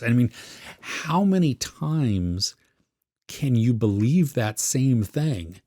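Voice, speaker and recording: A man's voice: mid-range voice, animated, takes it slowly, mellow, no echo, clean studio sound. A man co-hosting a podcast, chatting casually about a series he watched and searching for his words as he goes. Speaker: podcast co-host. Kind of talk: casual film review chat.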